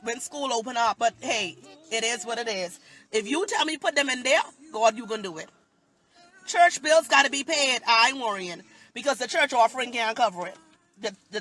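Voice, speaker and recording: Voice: medium pitch, bright, forceful tone. A pastor preaching on a phone livestream, emphatic and repetitive, with heavy dialect.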